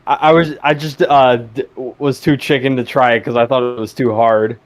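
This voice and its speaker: A man's voice: mid-range voice, fairly even intonation, moderate pace, no echo. Podcast co-host, man, hesitant, stammering restarts. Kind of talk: casual chat.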